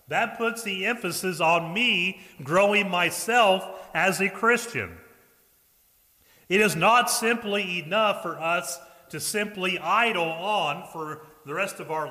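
Bright-voiced preacher man in an echoing hall. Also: sits high, slow pace. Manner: earnest preaching, swings between loud emphasis and quiet asides. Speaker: pastor. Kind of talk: sermon. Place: church sanctuary.

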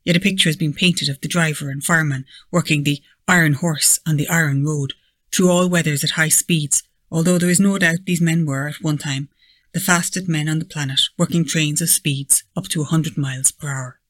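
Slightly high male reader, memoir narration, measured and plain, dry close sound. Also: steady tone, fairly bright tone, no echo. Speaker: reader of a submitted manuscript. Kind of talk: read-aloud memoir narration.

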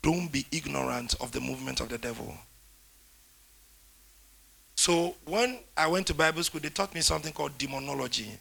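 A man preaching a sermon, emphatic, with declarations that rise loud toward the end. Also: a little high, a little fast, creaky, pauses often, breathy edge.

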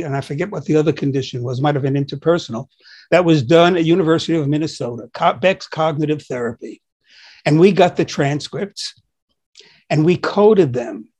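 A man co-hosting a conversational discussion as a psychologist, telling stories animatedly and acting out quoted dialogue. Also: fairly high pitch. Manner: animated storyteller who acts out quoted dialogue. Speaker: psychologist and co-host.

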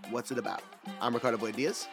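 This is a man hosting a film podcast, originally from Panama, moving from a prepared rundown to casual banter. He sounds informative and relaxed, repeating words when he talks off the cuff. A music bed plays steadily behind him. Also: medium pitch, quick pace, creaky. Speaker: podcast host. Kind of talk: scripted film-history narration and casual chat.

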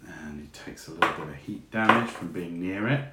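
A man narrating as game master for a tabletop game, relaxed and chatty with lots of fillers. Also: low-pitched, brisk. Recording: echoey room with faint noise.

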